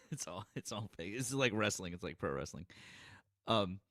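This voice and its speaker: Expressive joking man, dry close sound. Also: fairly low pitch, normal speed, no echo. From Boston area. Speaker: guest co-host. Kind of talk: casual livestream chat.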